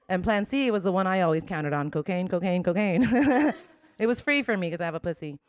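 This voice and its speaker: A woman's voice: on the low side, expressive, brisk, dry recording. A woman in her forties from Colombia, doing a brash, bawdy stand-up comedy set. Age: 40s.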